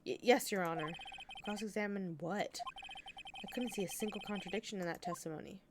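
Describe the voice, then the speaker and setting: A woman's voice: mid-range voice, a little fast, background noise, lightly acted. A woman voicing a nervous young male defense lawyer, speaking hesitantly with small stammers.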